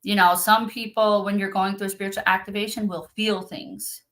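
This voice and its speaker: A woman's voice: mid-range voice, little pitch movement, normal speed, a bit bright. A woman speaking earnestly and from the heart in a casual conversation, as a spiritual practitioner on a video call.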